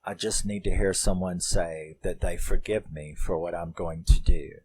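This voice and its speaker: Desperate father, pleading and broken, a man quoting him in his own low voice. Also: steady tone, moderate pace, mellow, slight background noise, close to an everyday voice. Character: desperate crying father, middle-aged man.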